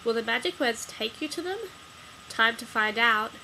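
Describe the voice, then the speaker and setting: A woman reading a children's gamebook aloud as a storyteller, giving the dialogue lively emphasis. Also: a little high, normal speed, a little hiss or hum, poor audio.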